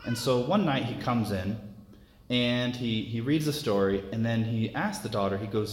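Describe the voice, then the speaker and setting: A man's voice: mid-range voice, a little hiss or hum. Earnest male preacher in a ringing hall. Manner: earnest, unhurried, repeats words as he goes. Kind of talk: sermon. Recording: echoey hall with long reverb.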